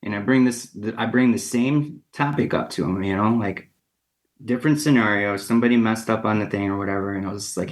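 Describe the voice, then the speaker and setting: A man with a somewhat low voice tells his story as an interview guest on the radio. He talks casually, leans on fillers like "you know" and "like," and acts out the lines of the people in it with lively shifts. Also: moderate pace. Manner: casual and animated, acts out quoted dialogue, many fillers. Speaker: ceramic artist guest.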